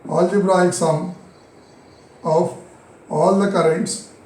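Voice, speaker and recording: A man with an Indian English accent teaching a physics lesson, repeating key phrases slowly and answering his own questions. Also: high-pitched, steady tone, a little mellow, reverberant, low-quality recording. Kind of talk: recorded classroom lesson.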